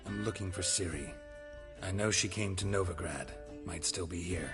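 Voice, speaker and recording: An actor voicing a grim, terse male witcher in a video game, speaking in clipped, flat lines. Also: deep voice, normal speed, natural voice. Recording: game audio under music.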